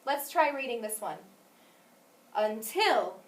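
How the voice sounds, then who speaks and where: A woman's voice: a little high, animated, moderate pace. A woman teaching a phonics lesson, asking questions and praising answers patiently. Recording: echoey room, mic at a distance.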